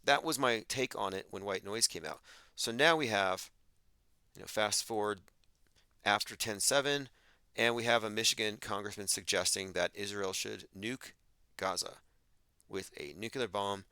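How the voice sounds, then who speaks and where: A man's voice: lowish voice, normal speed, pushed and bright, clean tone, dry recording. A man hosting a livestream, delivering an emphatic, argumentative monologue and reading out chat comments. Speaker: podcast host.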